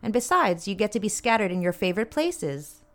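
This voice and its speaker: A woman's voice: mid-range voice, sing-song, brisk. A woman voicing a sweet, cheerful adult daughter with a chirpy, lifted voice. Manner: chirpy, bright.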